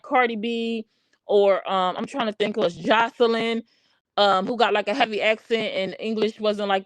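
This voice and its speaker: A woman's voice: medium pitch, dry recording. A woman hosting a casual drama commentary livestream, talking bluntly and with animation, and repeating her points as she calls someone out. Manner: blunt, animated calling-out with repetition. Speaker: livestream host. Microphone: streaming microphone.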